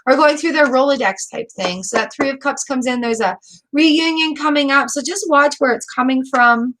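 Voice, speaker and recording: A woman's voice: high voice, animated, normal speed, fairly bright tone, a little hiss or hum. A middle-aged woman giving a live tarot reading, chatty, emotional and rambling with fillers. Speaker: tarot reader.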